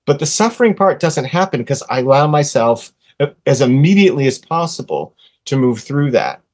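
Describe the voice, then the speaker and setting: A man's voice: medium pitch, moderate pace. Earnest sixties man telling a story. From USA. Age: 60s. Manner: earnest, animated storyteller, drops to a soft hush when quoting comforting words. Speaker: podcast guest. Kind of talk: casual storytelling in an interview.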